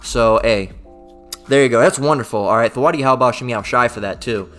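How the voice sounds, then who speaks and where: Forceful male street preacher. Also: mid-range voice, brisk, faint music behind. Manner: forceful, with frequent repeated tags of "all right?"; stumbles and repeats words mid-sentence. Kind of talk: scripture reading and profane street-style preaching.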